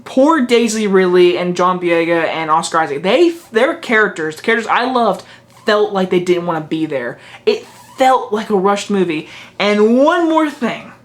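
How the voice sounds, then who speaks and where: A man's voice: sits high, lively intonation, moderate pace. A man giving a casual spoken film review in a frank, exasperated way, restarting his sentences and mocking what he disliked. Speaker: movie reviewer.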